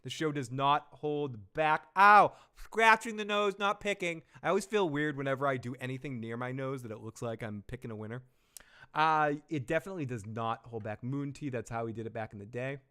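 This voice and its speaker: A brisk, slightly bright, medium-pitched male voice belongs to a live stream host reviewing a TV episode. In a casual, rambling way he jokes around, goes through viewer messages and often laughs.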